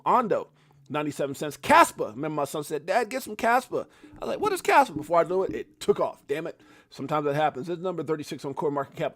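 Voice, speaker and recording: A middle-aged man hosting a casual live crypto market rundown, joking and animated, swearing casually and shouting out viewers. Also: a little high, no echo, studio quality. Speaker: crypto livestream host.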